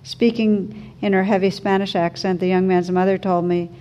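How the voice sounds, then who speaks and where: A woman teacher giving a slow, gentle reflective talk, reading a story aloud. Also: medium pitch, fairly even intonation, slight background noise. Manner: slow, gentle, thoughtful delivery.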